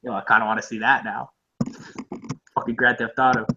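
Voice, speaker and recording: A young man co-hosting a casual movie podcast, rambling, profane and excitable. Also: mid-range voice, a little fast, dull audio. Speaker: podcast co-host.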